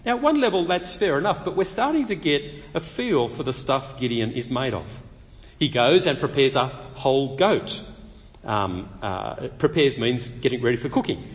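A man preaching a sermon, telling the story lively and acting out the quotes. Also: medium pitch, normal speed, big-room sound.

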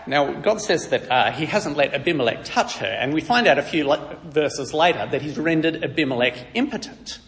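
Animated male Bible teacher, echoing hall. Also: fairly high pitch, normal speed, hardly any pauses. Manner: lively storytelling with wry asides. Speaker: preacher.

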